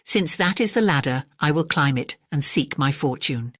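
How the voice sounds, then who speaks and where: A woman's voice: low-pitched, lively intonation, normal speed, dry recording. A woman doing a resolute young prince. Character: young, determined king's son. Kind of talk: storybook reading.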